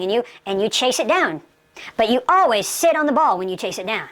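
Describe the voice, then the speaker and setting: A woman's voice: sits high, sing-song, a little fast, a bit bright. A woman instructor giving an emphatic lesson and acting out sample dialogue. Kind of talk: instructional talk.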